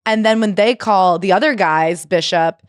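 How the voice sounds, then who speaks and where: A woman co-hosting a podcast retells a memoir in casual, chatty conversation, acting out quotes complete with swearing. Her voice sits in the mid-range at a normal speed, captured in studio quality with no echo.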